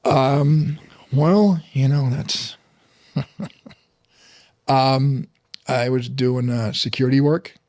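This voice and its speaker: A man's voice: mid-range voice, steady tone, drawn-out words, long pauses, darkish tone, no echo, studio quality. A middle-aged man from Berlin with a German accent, a guest in a casual interview, telling stories with many restarts and fillers. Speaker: guest, fitness trainer.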